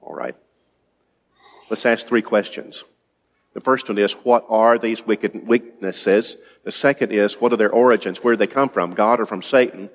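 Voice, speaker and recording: Halting preacher in an echoing hall. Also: male voice, on the low side. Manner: halting, repeats words while thinking aloud. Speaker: pastor. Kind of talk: sermon. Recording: long reverb of a large hall.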